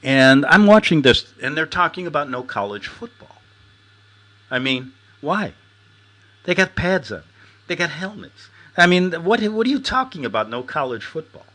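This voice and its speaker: A man's voice: fairly high pitch, normal speed. A middle-aged man hosting a show, ranting and telling stories casually, acting out quotes and laughing often. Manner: animated, storytelling, laughs often, acts out quotes. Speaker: host.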